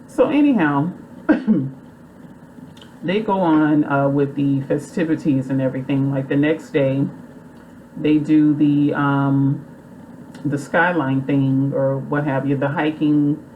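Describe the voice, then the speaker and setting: Low-voiced chatty woman recapping a movie. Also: slow, long pauses, phone-quality sound, slight background noise. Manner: rambling, chatty, full of fillers. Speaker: movie reviewer.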